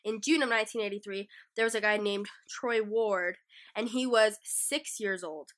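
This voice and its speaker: A woman's voice: medium pitch, normal speed, a bit bright. Chatty woman with a cough. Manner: rambling, filler-heavy retelling. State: sick, coughing between lines. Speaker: guest storyteller. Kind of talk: casual true-crime podcast chat.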